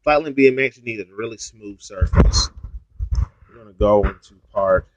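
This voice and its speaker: A man's voice: lowish voice, normal speed, no echo. A young adult man telling a story on his vlog in a blunt, heavily profane, ranting way. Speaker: YouTuber. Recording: dull lo-fi sound, dry.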